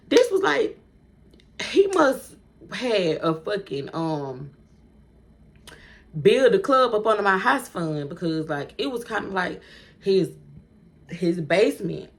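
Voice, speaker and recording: A woman vlogger telling a story to her viewers, animated and chatty, swearing freely and laughing often. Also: fairly low pitch. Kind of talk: storytime vlog.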